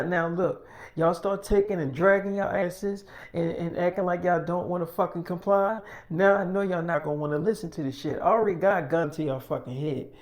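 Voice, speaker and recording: A man's voice: high voice, close to an everyday voice. A man playing a hot-tempered foul-mouthed enforcer. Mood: menacing. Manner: profane, streetwise, barking orders.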